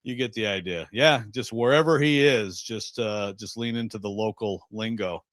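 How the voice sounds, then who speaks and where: A man's voice: on the low side, normal speed, fairly bright tone, no room sound. A man from Western Michigan co-hosting sports radio, chatting in a rambling, jokey way. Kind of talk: casual radio banter.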